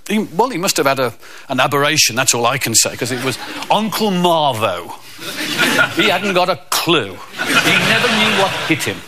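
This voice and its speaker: A man doing stand-up comedy, telling a story deadpan and slipping into put-on voices. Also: fairly high pitch, normal speed, heavy background noise.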